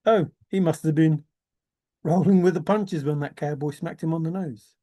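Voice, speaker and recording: A man's voice: on the high side, steady tone, normal speed, mellow. A man rambling in a teasing, giggly solo monologue, often laughing and repeating words. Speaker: treasure-hunt video maker.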